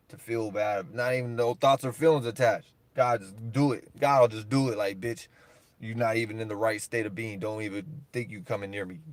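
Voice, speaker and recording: A man, ranting in a rambling solo monologue, profane and heated, swinging between loud bursts and low mutters. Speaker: monologuing creator.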